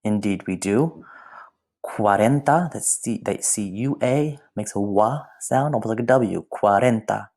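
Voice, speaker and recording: A man's voice: lowish voice, normal speed, creaky, hardly any pauses, mellow. A man teaching a recorded language lesson in a playful way, with whispered asides. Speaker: Spanish teacher.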